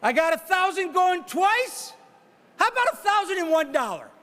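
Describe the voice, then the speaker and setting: A man calling a live charity auction in a very high, bright, ringing voice that swoops up and down as he chases bids. He teases bidders and shouts out numbers, with faint room ambience behind him. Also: normal speed. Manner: energetic, teasing, shouts bids and whoops. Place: banquet hall at a charity gala.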